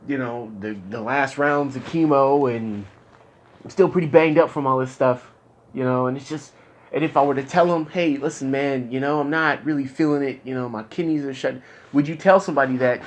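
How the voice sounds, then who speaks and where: A young man in the middle of a candid conversation. He talks at an ordinary middle pitch, frustrated and rambling, circling back over his words with halting restarts. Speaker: client in therapy. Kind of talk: candid casual talk.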